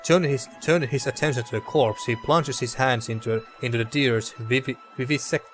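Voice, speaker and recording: A man's voice: mid-range voice, fairly quick, over music. A man hosting a let's play, reading game text aloud and chatting casually, often tripping over words and swearing. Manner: stumbling over words, loose and profane.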